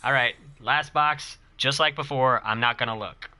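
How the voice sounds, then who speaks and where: A man streaming a video game live, chatting casually and excitedly with his viewers and cheering himself on. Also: medium pitch, moderate pace, faint music behind. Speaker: gaming streamer.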